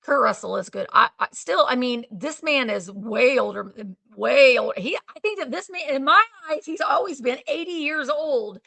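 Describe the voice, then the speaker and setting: Chatty woman with a bright gravelly voice. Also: high-pitched, expressive, normal speed, hardly any pauses. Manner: rambling and chatty, trails off hunting for names. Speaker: live-sale stream host. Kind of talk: casual live-stream chat. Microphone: streaming setup.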